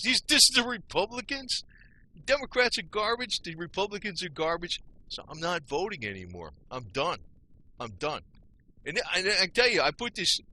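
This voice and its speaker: A man's voice: on the high side, sharp tone, no echo. A man ranting on his own video channel, blunt and angry, repeating himself with casual slang. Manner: casual slang, frequent "man" and "you know". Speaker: YouTube video maker. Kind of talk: ranting monologue.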